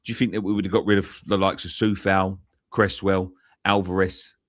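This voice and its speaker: A man's voice: low voice, flat delivery, normal speed, no echo, studio quality. A man, co-hosting a fan channel and sharing theories in casual football debate. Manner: chatty, repeats himself, theorizing.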